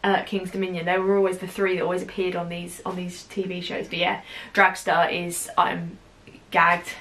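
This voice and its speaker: Mujer británica entusiasta, charla casual. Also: female voice, lowish voice, completely flat delivery, moderate pace, fairly bright tone, poor audio. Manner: enthusiastic, teasing, laughs often. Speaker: co-host, roller coaster fan. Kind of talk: casual chat. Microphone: camera mic.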